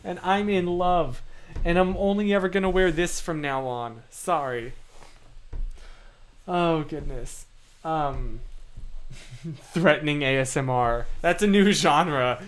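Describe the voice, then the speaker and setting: A young man hosts a casual livestream, reading comments aloud and poking fun at himself. His voice sits high, and he talks in an unhurried, relaxed way. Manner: playful, self-deprecating, chatty. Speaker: livestream host.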